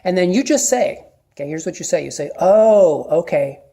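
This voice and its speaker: Mellow-voiced man giving practical advice. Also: sits high, expressive, fast talker, gravelly. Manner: plain-spoken, repeats "okay?" to check in with listeners. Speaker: video host giving advice. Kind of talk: casual instructional talk to camera.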